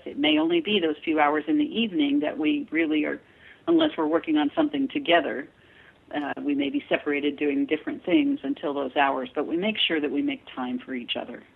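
A woman guest chatting in an interview, telling stories in a chatty way and laughing often. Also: sits low. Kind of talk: casual interview chat. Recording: tinny phone line.

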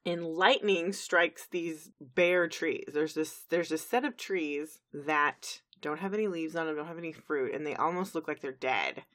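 Low-voiced woman recapping a cartoon. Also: unhurried, hardly any pauses, fairly bright tone. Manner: chatty, recaps scenes with frequent fillers. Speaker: podcast co-host. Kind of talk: casual podcast episode review.

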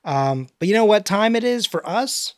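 Young man, podcast host, chatty, quick asides, reading his notes, slightly high voice, dry close mic. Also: animated, no room sound. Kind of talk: casual chat and script read-through.

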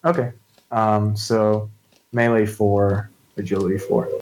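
Hesitant, fairly low-voiced man player. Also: flat delivery, takes it slowly, a little mellow, a little hiss or hum, low-quality recording. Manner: hesitant, full of likes and restarts. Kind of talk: tabletop game play.

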